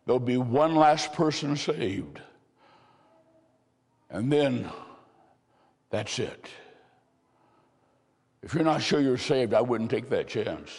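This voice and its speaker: A male preacher telling revival stories in a sermon, shifting between loud exclamations and slow, hushed emphasis. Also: medium pitch. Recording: long hall reverb.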